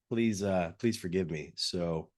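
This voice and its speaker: Low-voiced male lecturer, husky cold-roughened voice, earnest, video-call audio. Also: slow pace. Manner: earnest, repeats words when starting sentences. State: hoarse from a cold. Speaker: guest lecturer. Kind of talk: academic lecture.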